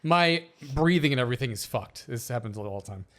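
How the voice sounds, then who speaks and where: Animated man, lively joking co-host. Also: mid-range voice, brisk. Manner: animated, jokey, slips into silly voices. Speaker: podcast co-host. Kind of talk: casual comedic chat, reading posts aloud.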